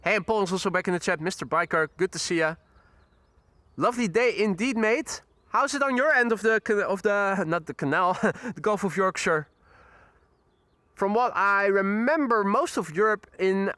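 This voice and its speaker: High-voiced man spotting planes. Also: moderate pace, pushed and bright, no echo. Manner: chatty, greets viewers, frequent fillers. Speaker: live stream host, plane spotter. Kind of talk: casual live commentary. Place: outdoors near airport runway.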